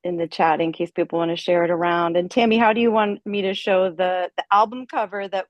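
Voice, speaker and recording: A woman's voice: lowish voice, steady tone, a little fast, no echo, dull audio. A woman on a video call, talking casually with light fillers about sharing her song. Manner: friendly, laughing, slightly hesitant. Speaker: musician sharing her song in an online meeting.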